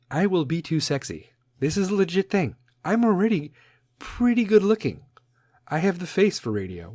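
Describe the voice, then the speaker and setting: A man in his thirties hosting a podcast, rambling through a profane comedic monologue, laughing at his own jokes and swinging between loud outbursts and low mutters. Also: no room sound, clean studio sound. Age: 30s. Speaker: podcast host.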